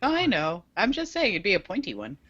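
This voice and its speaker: Woman speaking English as a second language, teasing, giggly, lively, dry dull podcast sound. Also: mid-range voice, quick pace, no echo. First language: not English. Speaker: podcast co-host. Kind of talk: casual chat.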